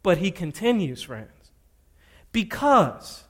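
High-voiced man preaching a sermon. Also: animated, measured pace. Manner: emphatic, repeats scripture references, playful asides. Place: church sanctuary.

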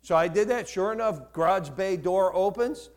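Animated older man telling his testimony. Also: sits high, normal speed. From Newark, New Jersey area. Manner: animated, acts out dialogue, self-mocking humor. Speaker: preacher giving his testimony. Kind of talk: testimony sermon storytelling.

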